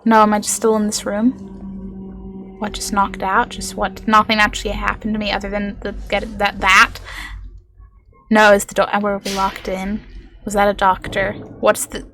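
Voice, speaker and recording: A woman's voice: medium pitch, monotone, normal speed, sharp tone, faint music behind. A woman streaming a horror game live, chatting to her viewers in a chatty, self-mocking way, swearing and joking.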